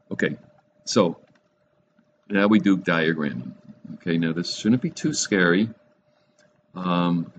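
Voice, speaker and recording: A man teaching a Bible study class in a classroom, relaxed and rambling, with many fillers and restarts. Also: deep voice. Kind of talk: classroom lecture. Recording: dull lo-fi recording with faint noise.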